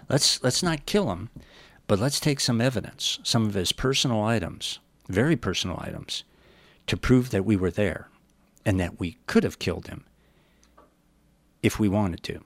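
A man with a low voice leads a verse-by-verse Bible teaching. He reads the old scripture at a measured pace, then explains it in plain, folksy words. The recording is close and dry, with no room sound. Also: no echo. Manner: folksy asides.

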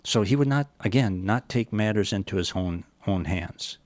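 A man teaching verse by verse through a Bible passage, reading the scripture slowly and then explaining it in plain words with folksy asides. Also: on the low side, darkish tone, dry recording.

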